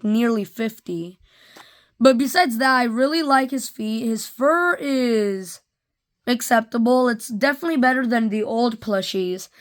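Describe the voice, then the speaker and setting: Woman, casual toy review vlog, rambling, filler-heavy, slightly high pitch.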